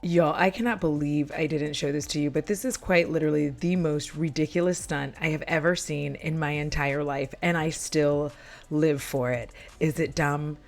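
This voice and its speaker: A woman's voice: low-pitched, steady tone, normal speed, soft background music. A woman hosting a casual movie recap vlog, giggly and rambling, with plenty of swearing.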